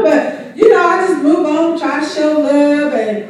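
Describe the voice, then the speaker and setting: A woman's voice: sits high, unhurried, crowd noise. A woman teaching Sunday school, calling out questions for the congregation to answer. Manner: asks the congregation to fill in words. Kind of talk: church teaching with call-and-response. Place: large church hall. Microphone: room mic far from speaker. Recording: echoey church hall from far off.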